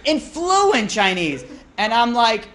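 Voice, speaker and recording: A man's voice: extremely high pitch, very animated, slow pace, fairly bright tone. A man, a rabbi, teaching an informal class in a chatty, joking way, often asking "right?" and "you know".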